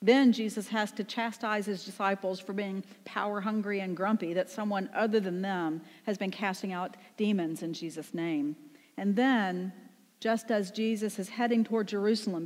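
A woman's voice: mid-range voice, moderate pace, darkish tone. A woman pastor delivering a conversational sermon, often asking the congregation rhetorical questions. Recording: long reverb in a large room.

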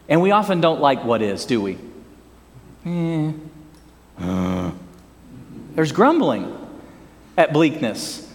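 Guy preaching, high voice, folksy and lively, big echoey hall. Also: slow pace, pauses often. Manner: animated, folksy, asks the congregation questions. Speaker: pastor. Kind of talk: sermon. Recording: long hall reverb.

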